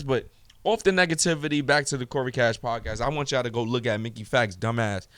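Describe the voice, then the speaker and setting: A man's voice: medium pitch, brisk, clean tone, dry recording. A man hosting his own podcast alone, ranting heatedly with lots of profanity. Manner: heated, profane, rising to shouts when ranting. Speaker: podcast host. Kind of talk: solo podcast rant.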